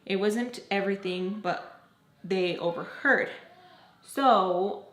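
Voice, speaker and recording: A woman's voice: mid-range voice, slow pace, a bit bright. A young woman telling a personal story to camera in a chatty, profane way, full of "like" fillers. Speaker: beauty and story-time YouTuber. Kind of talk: casual story-time monologue. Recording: roomy echo.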